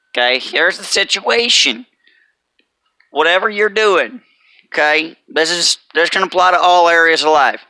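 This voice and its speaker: A man gives a casual but preachy motivational talk to the camera and hammers his points home with repeated phrases. His voice is very bright and crisp and sits a little high. The sound is dry and close. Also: no room sound. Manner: emphatic and preachy, repeating "let me tell you". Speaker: chef and motivational vlogger.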